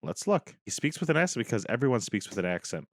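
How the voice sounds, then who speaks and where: A man's voice: mid-range voice, sing-song, fast talker, no room sound, studio quality. A man co-hosting a podcast, chatting casually, cursing freely and jokingly reading things aloud from his screen. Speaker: podcast co-host. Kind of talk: casual chat.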